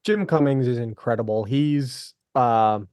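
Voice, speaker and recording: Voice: mid-range voice, a little slow, darkish tone, no echo, studio quality. A podcast guest chatting playfully with quips about a cartoon special. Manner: playful, quipping. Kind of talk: podcast chat.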